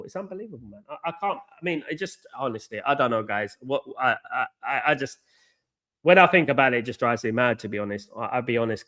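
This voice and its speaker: Frustrated and repetitive, a football fan channel host rants through a live watchalong, filling pauses with ums. His voice is mid-range with a fairly bright tone.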